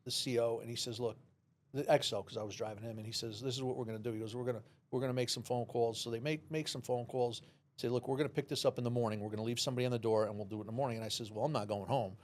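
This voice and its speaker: A man, a former police officer, telling a lively story in an interview and acting out the voices. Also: medium pitch, racing. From New York City. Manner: animated storyteller, acts out dialogue, many restarts.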